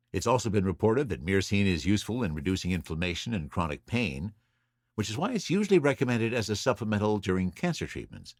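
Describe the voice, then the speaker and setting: Lively low-voiced man hosting a podcast. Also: no echo, studio quality. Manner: reads from notes, lively listing. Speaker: podcast host. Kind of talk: solo podcast explainer.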